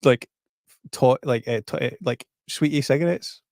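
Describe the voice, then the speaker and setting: Scottish man, mid pitch, dry close mic, easygoing guest. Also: moderate pace, gravelly, a little mellow, no echo. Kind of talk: casual chat.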